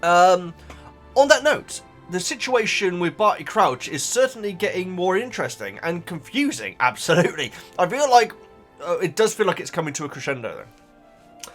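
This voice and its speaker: A man hosts a casual YouTube reading reaction to a book, rambling aloud and tripping over repeated words as he thinks. His high, fairly bright voice is very animated at a normal pace, with soft music in the background.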